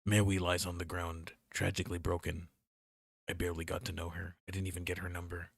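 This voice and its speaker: Deep-voiced jokey gaming streamer. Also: male voice, monotone, fairly quick, creaky, slightly rough, no room sound, clean studio sound. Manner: jokey, mock-dramatic reading. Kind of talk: let's play commentary reading game text aloud. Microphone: desk mic with noise gate.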